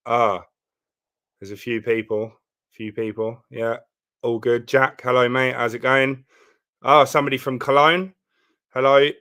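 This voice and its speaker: A guest with a Southern English accent dials into a casual live stream over video, his voice medium-pitched and fairly bright. He comes across as laid-back and slangy, with an easygoing enthusiasm.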